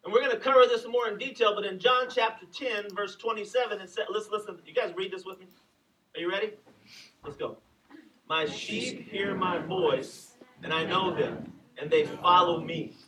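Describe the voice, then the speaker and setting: A middle-aged man preaching a sermon in an animated, conversational way, with asides to his listeners. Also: sits high, normal speed, recorded from a distance, background noise. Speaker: pastor.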